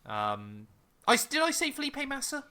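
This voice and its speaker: A man's voice: very high voice, wildly swooping pitch, normal speed, sharp tone. A young man co-hosting a casual podcast, thinking aloud with lots of ums while answering a quiz. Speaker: podcast co-host. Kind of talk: casual chat.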